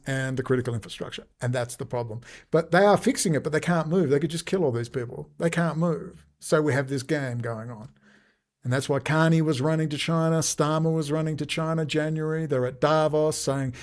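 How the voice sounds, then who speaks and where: A man's voice: mid-range voice, darkish tone. A man delivering a combative, emphatic political monologue that jumps from point to point. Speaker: political commentator. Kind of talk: ranting monologue.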